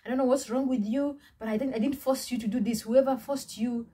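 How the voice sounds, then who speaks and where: A woman voicing an angry man who scolds and lectures a trainee in harsh, rapid rebukes. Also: fairly high pitch, dark tone, breathy edge. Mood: contemptuous. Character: irate, scolding man, a trade instructor.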